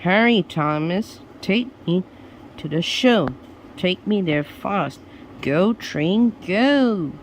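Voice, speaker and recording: A man reading a storybook aloud and voicing a bossy, hurried woman judge who keeps urging the train on. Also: high-pitched, animated, a little hiss or hum, pitched above the performer's own voice. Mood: urgent. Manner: urgent, insistent calling out.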